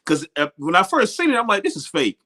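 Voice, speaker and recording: Male co-host, slightly high voice, emphatic, preachy delivery to the audience. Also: sing-song, fast talker, pushed and bright. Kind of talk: casual show commentary.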